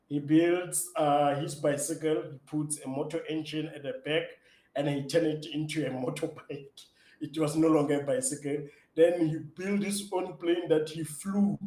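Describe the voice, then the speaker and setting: Excitable man, roomy sound. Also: a little high. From South Africa. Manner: excitable and enthusiastic. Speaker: app founder and interview guest. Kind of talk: interview answers. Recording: roomy echo.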